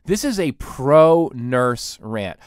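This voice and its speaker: A man's voice: medium pitch, big pitch swings, slow pace, clear, resonant tone, dry recording, clean studio sound. A man in his thirties hosting a podcast, delivering a sarcastic, self-mocking comedic rant. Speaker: podcast host.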